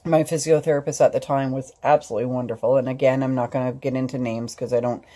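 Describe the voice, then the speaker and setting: A middle-aged woman recounts a personal story to her viewers in a loose, rambling vlog style, with plenty of fillers and restarts. Her voice sits low and sounds mellow and relaxed. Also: fast. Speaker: vlogger.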